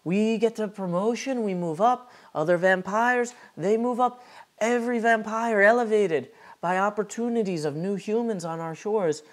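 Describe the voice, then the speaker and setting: A man voicing a proud, short-tempered female vampire actress in a tabletop game, speaking in loud, clipped, broken phrases. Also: moderate pace, natural voice. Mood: grandiose. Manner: loud, shrill and indignant, broken clipped grammar.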